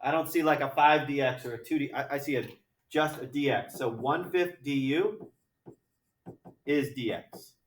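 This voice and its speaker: Captured at a distance in an echoey classroom, a man with a mid-range voice gives a math lecture at an unhurried pace. He works problems aloud, chatty and joking.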